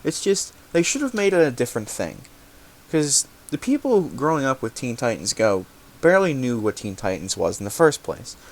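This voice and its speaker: A man's voice: medium pitch, sing-song, normal speed. A young man hosting a podcast segment, talking casually and rambling, often correcting himself and swearing now and then. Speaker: podcast host.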